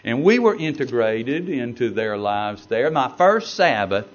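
A man with a mid-range voice recalls old times in a folksy, unhurried storytelling manner, pausing now and then to gather his thoughts. He speaks as a preacher. The recording is dull and lo-fi. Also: mid-range voice, big pitch swings. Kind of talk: reminiscing storytelling.

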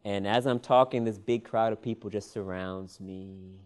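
A male preacher telling a personal story in a sermon, animated and often laughing, drawing "Amen" responses. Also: fairly low pitch, normal speed.

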